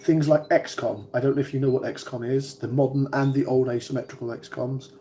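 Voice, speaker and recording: Gravelly, rambling British man. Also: medium pitch, fairly even intonation, a little fast, dark tone, a little hiss or hum. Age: 40s. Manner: rambling, hesitant, many ums and restarts. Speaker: vlogger. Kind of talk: casual livestream chat with viewers.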